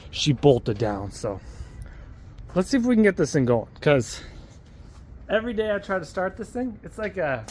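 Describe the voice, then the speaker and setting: High-voiced male vlogger; loose, rambling, self-deprecating delivery. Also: slight background noise. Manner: rambling, self-deprecating, stumbling over words. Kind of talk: casual vlog chat. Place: home garage.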